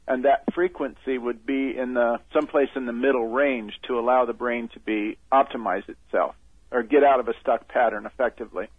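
A man's voice: mid-range voice, breathy edge, no room sound. A man being interviewed as a phone-in guest, hesitant with many ums as he explains things step by step. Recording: phone line.

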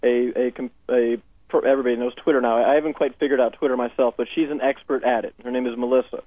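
This Southern Californian man talks fast in a medium pitch with fairly even intonation, and there's no echo. Calling into a radio interview as a guest, the life coach shares upbeat client stories, voicing his clients' lines in dialogue, all captured on a phone headset over a dry, tinny line.

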